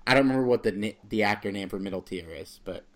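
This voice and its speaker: Laid-back low-voiced podcast man. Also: fast talker, a bit bright. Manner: laid-back, matter-of-fact. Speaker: podcast co-host. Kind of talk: casual chat.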